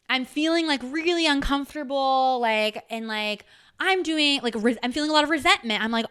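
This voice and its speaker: A woman hosting a podcast, telling a personal story in a candid, animated way and swearing freely as she goes. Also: on the high side, normal speed, clean tone. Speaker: podcast host. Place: home.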